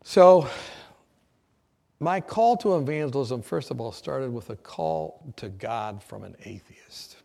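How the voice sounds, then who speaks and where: A man preaching, telling his testimony as a lively story, often laughing and acting out the people in it. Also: mid-range voice, slow pace, vocal fry. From United States. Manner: animated storyteller, often laughing, acts out shouts.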